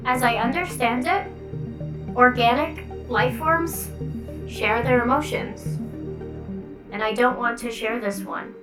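A woman's voice: fairly high pitch, far from the mic, music in the background. Woman putting on a naive childlike android girl. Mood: earnest. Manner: slow, halting, literal phrasing. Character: childlike young female android, earnest and naive.

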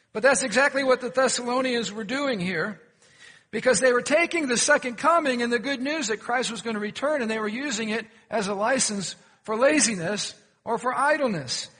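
A man's voice: very high-pitched, moderate pace, pushed and bright, in a large hall. A pastor preaching a sermon, questioning his congregation and telling folksy jokes. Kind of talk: sermon with humorous stories. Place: church sanctuary.

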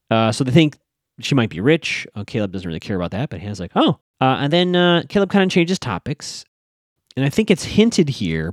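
A man casually recapping a TV episode, chatting to his audience with fillers and quick asides. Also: mid-range voice, darkish tone, dry recording, studio quality. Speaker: show recap host.

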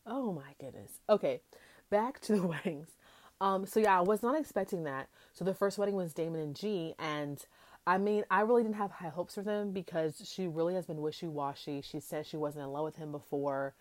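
A young woman hosting a podcast, recapping a reality show in a chatty, animated way and acting out quotes from the cast. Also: fairly low pitch, normal speed, no room sound. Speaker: podcast host. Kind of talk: casual recap chat.

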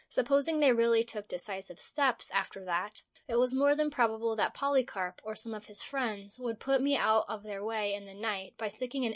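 Woman reading a comic diary dramatically. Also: a little high. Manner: dramatic, mock-heroic delivery. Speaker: audiobook narrator. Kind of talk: scripted narration of a first-person diary.

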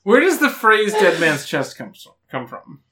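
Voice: mid-range voice, very animated, a little slow, bright, forceful tone. A tipsy podcast co-host rambling and giggling through a casual chat. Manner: rambling, giggly, jumps between topics.

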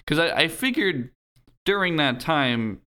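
A man's voice: on the high side, big pitch swings, unhurried, bright, forceful tone, smooth. A young man co-hosting a podcast, recapping a game in a dry, laid-back way with casual swearing. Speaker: podcast co-host.

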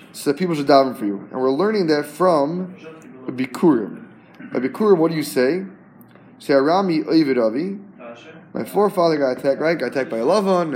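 A man leads a Talmud class, his voice sitting a little high. He explains with rhetorical questions, repeats words as he goes, and translates each Hebrew term for his students. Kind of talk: lively Talmud class teaching.

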